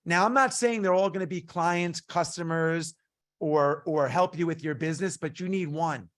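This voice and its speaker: A middle-aged man leads an online business coaching session. His voice sits a little high, and he tells stories in a punchy, animated way, acting out the back-and-forth of each scene. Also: moderate pace. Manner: storytelling, punchy and animated, acts out dialogue.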